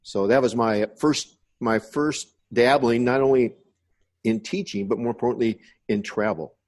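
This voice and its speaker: In a casual podcast interview, a US man in his sixties rambles through long stories of days gone by. He has a medium pitch, a slightly mellow sound and a moderate pace.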